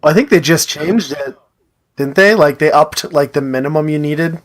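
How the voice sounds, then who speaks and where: A man's voice: on the high side, normal speed. A man co-hosting a podcast in casual chat, friendly and thoughtful, tending to ramble. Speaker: podcast co-host.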